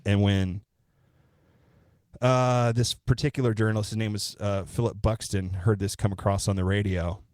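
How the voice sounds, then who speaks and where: A man with a very low voice tells a true-crime story casually on a podcast. The sound is dry and close, with no room around it. He co-hosts and sometimes swears. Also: moderate pace, no room sound. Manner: relaxed, profane, retells events step by step. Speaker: podcast co-host.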